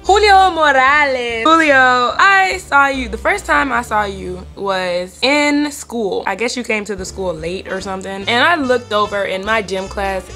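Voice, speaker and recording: A teenage girl chatting into a webcam at home, rambling and teasing as she gives her friends shoutouts. Her voice is bright and lively, pitched in a middle register for a girl. Soft music plays faintly behind her. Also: normal speed, few pauses. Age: teens. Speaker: vlogger. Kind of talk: casual shoutout vlog.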